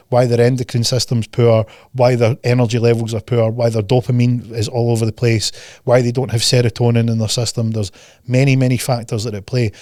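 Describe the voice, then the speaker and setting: A man's voice: medium pitch, a little mellow, dry recording, clean studio sound. A man hosting a podcast in a casual chat, ranting bluntly and profanely and mocking people with put-on voices. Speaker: podcast host.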